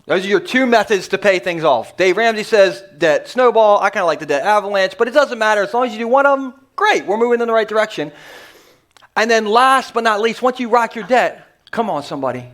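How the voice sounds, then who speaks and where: A male pastor preaching to a church congregation in a joking, energetic manner with quick asides. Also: sits high. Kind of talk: humorous sermon. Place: church sanctuary before a congregation.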